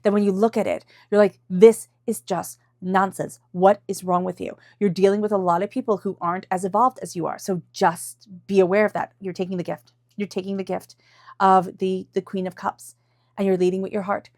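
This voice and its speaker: A woman's voice: medium pitch, little pitch movement, a little fast, a little mellow, no room sound, studio quality. Chatty emotional woman reading tarot. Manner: emotional, chatty, many fillers. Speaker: tarot reader.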